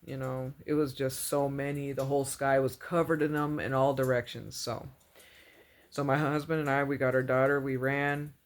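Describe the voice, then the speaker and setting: A woman's voice: extremely low pitch, little pitch movement, normal speed. Woman rambling through a dream account. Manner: rambling, full of "like" and "you know", repeats phrases; earnest and religious. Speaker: vlogger recounting a dream. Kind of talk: casual storytelling.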